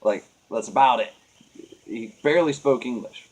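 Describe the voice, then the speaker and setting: A man's voice: mid-range voice, darkish tone. Rambling, earnest man venting. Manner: rambling and earnest, with halting restarts. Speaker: vlogger. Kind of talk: casual venting monologue.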